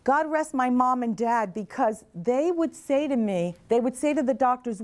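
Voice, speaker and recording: A woman's voice: high voice, lively intonation, normal speed, few pauses. A middle-aged woman, a mental health advocate, giving an earnest talk to nursing students and asking them questions. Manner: earnest, asks the audience questions, repeats their answers. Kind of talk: motivational talk to a class. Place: classroom or lecture hall.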